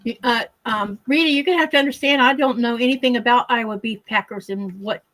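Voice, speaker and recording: A woman's voice: fairly high pitch, fast talker, a bit bright. A woman in a casual chat over a video call, asking puzzled questions.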